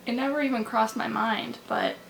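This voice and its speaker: Young woman, vlogger, candid storytelling, gravelly fry, faint room noise. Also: a little high, wildly swooping pitch, a bit bright, poor audio. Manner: candid, halting, many likes and restarts. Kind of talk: personal storytime vlog. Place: bedroom with window open. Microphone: camera mic.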